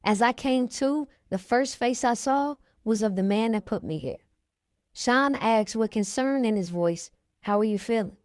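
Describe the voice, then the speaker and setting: A woman's voice: a little high, unhurried, dry recording, clean studio sound. Woman reading a memoir aloud. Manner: steady first-person reading. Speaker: reader.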